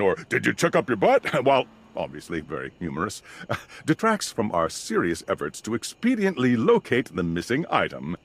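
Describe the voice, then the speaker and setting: A man's voice: medium pitch, vocal fry, fairly bright tone, breathy edge, exaggerated voice. A man voicing a pompous male CEO who reads out a self-important office memo in a video game. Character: pompous male CEO announcing lost sunglasses.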